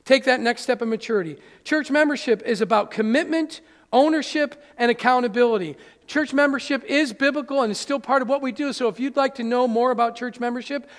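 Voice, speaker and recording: A man preaching a sermon as pastor in a church, animated and acting out little scenes. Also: extremely high pitch. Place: church sanctuary. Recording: church hall reverb.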